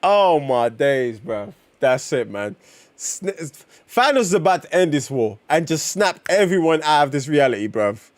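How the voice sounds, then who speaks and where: A man reacting excitedly to comics on a live stream, exclaiming and swearing often in slangy talk. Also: on the high side, unhurried, dry recording.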